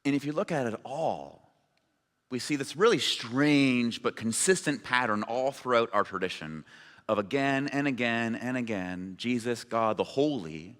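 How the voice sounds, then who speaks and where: Speaking unhurriedly in a medium-pitched, fairly bright voice, a man delivers a sermon as pastor, keeping it informal and chatty with asides. His words ring with the long reverb of a big church sanctuary.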